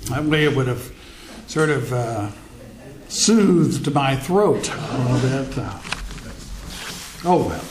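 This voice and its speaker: A man's voice: slow, long pauses, crowd noise. A man who is a minister, delivering a wry, storytelling sermon while he has a cold. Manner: wry, storytelling, lively pitch. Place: church hall. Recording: echoey church hall.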